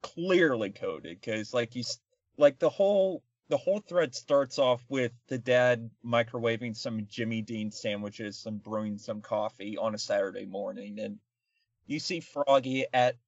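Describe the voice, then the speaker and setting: A man's voice: mid-range voice, a little slow, no echo, lo-fi sound. Rambling sarcastic man reviewing a film. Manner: rambling, sarcastic, many fillers. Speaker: podcast co-host. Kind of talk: casual comedic film review chat.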